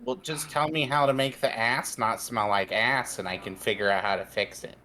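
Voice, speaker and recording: A man playing in a tabletop game, giving dry, deadpan replies. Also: mid-range voice, normal speed, slight background noise. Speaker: player. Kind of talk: casual tabletop play.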